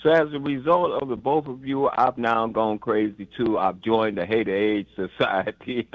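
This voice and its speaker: A man's voice: medium pitch, fairly even intonation, normal speed, no room sound. An older man from the Chicago area calling in to a radio show, emotional and rambling, stammering and repeating himself. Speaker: caller. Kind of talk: impassioned call-in rant. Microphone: phone. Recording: dull phone line.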